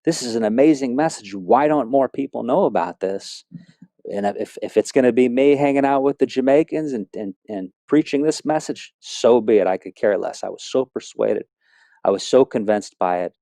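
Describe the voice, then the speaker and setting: A man's voice: medium pitch, normal speed, vocal fry, mellow, no room sound, clean studio sound. A middle-aged man telling his personal faith testimony in an earnest, rambling way, with many fillers and restarts. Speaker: speaker sharing a testimony.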